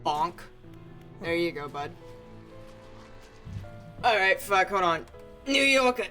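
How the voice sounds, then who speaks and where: A woman's voice: on the low side, expressive, takes it slowly, long pauses, sharp tone, soft background music. A woman streaming a fishing game, chatting casually, laughing and swearing between dialogue. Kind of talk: casual gameplay commentary.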